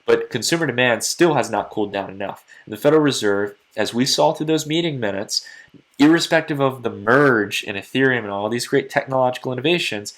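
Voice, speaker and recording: A man hosting a crypto market commentary channel, talking quickly and earnestly to his viewers late at night, a little tired. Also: medium pitch, fairly bright tone. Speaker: crypto market analyst host. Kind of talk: casual market commentary to camera.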